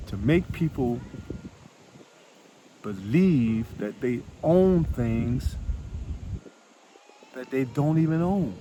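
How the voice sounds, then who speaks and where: Man, financial coach, emphatic and repetitive, mid-pitched, outdoor traffic noise behind. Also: lively intonation, measured pace, pauses often. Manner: repetitive, emphatic, rhetorical questions. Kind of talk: casual talk to camera.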